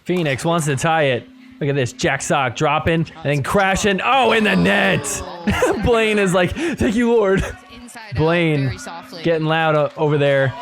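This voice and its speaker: A man with a notably high-pitched voice hosts a sports podcast and walks through match highlights in a relaxed play-by-play. He chuckles often as he talks and drops into quick imitations of the players. Faint music plays softly behind him. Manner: impersonates players in quick asides. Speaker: podcast host. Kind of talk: casual play-by-play recap.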